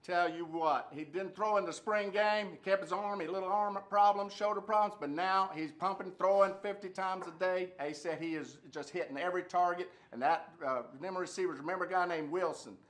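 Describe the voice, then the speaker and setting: A man's voice: high voice, a little fast, few pauses, a bit bright. A man co-hosting sports radio, rambling in a folksy, casual way.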